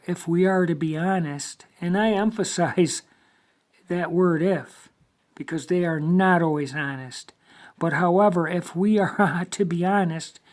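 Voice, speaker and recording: A man delivering a lecturing monologue, emphatic and deliberate, with many rhetorical questions. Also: a little high, darkish tone. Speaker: video monologue host.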